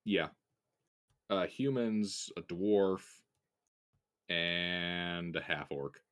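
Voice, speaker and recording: A man with a fairly low voice runs a tabletop game as its game master. He talks in an easygoing way, pausing on fillers and restarting his sentences. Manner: relaxed, with frequent fillers and restarts.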